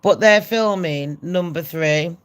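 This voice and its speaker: A woman's voice: on the low side, slow, smooth. A middle-aged woman with a nasal voice, hosting a gossip vlog in a brash, sweary, chatty way. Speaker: gossip channel host.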